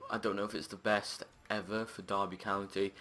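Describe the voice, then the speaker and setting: A man commentating his own football video game match, chatting along and breaking into shouted, sweary outbursts at the play. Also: lowish voice, little pitch movement, fairly quick. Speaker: gaming channel host.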